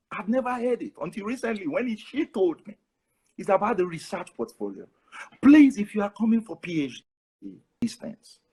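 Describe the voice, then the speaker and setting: A Nigerian man with a Nigerian accent, a professor giving animated advice as a guest on a webinar over a video call. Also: high-pitched, slightly rough. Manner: animated, advising.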